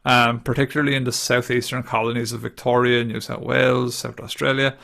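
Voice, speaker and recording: A man's voice: mid-range voice, little pitch movement, brisk, vocal fry, a bit bright. An English man hosting a casual podcast, chatty and laughing easily while reading from his notes. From England. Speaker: podcast host.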